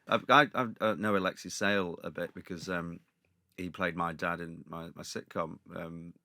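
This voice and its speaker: Deep-voiced man rambling through anecdotes. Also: normal speed, vocal fry, no echo. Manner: rambling anecdotes with lively acted-out quotes. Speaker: comedian guest. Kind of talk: casual chat.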